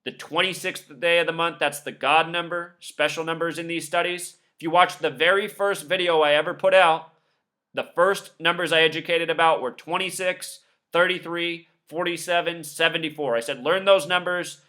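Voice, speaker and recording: A man's voice: a little high, fairly even intonation, normal speed, pushed and bright. A man giving a scornful, emphatic commentary monologue, listing numbers one after another. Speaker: video commentator. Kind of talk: monologue over news clips.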